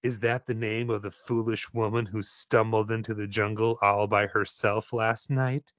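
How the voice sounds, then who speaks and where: A man voicing a cold, menacing young male pirate ghost, speaking slowly and low. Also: level tone, fairly bright tone, no room sound, natural voice. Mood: cold menace. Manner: slow, low, sinister.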